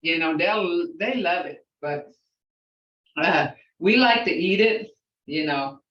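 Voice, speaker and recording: An older woman teaches a language class at an unhurried pace, breaking words into syllables between chatty asides. Her voice comes from some way off the mic in a roomy space, with a dull tone. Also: fairly low pitch, animated, fairly bright tone. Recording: echoey, distant, dull sound.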